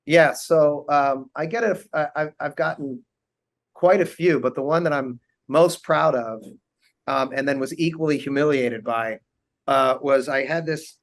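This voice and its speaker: A man in his forties, a guest on a talk show, telling animated funny stories and laughing often. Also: a little high. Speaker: guest, actor and team owner. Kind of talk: casual interview storytelling.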